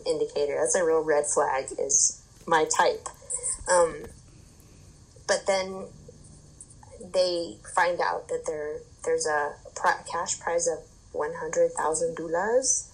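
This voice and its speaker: A woman's voice: sits low, fairly even intonation, slow pace, breathy edge, low-quality recording. A woman hosting a podcast, who chats casually and rambles through a story while filling it with "like" and "um". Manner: rambling, filler-heavy storytelling. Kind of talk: casual chat.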